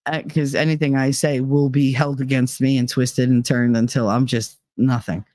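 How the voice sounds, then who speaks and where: A woman's voice: rumbling low, little pitch movement, normal speed, dark tone, no echo. A woman hosting a podcast, telling personal stories in a candid, profane, laughing way. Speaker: podcast host. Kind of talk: casual personal storytelling.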